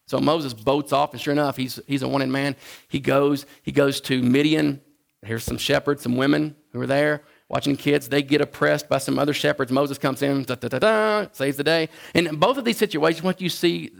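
A man preaching a sermon in a conversational, halting way, often restarting his sentences. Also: gravelly. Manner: acts out the Bible figures in a higher voice. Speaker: pastor.

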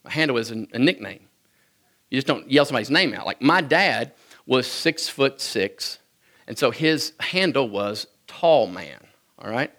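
Here a bright-voiced man from Kentucky jokes his way through personal stories for an audience, folksy and quick to chuckle. He talks at a medium pitch, a little slowly, in an animated manner.

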